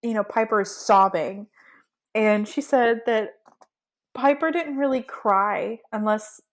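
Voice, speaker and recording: A woman's voice: on the high side, slow pace. A woman co-hosting a podcast, recapping a book in casual chat with indignant asides. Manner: chatty, indignant asides, retells scenes with quoted lines. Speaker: podcast co-host.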